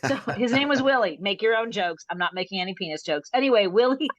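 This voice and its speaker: A woman's voice: medium pitch, animated, quick pace, no room sound, dull audio. A woman comedian telling a rambling story over a video call, breaking off mid-sentence and laughing at her own jokes. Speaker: stand-up comedian.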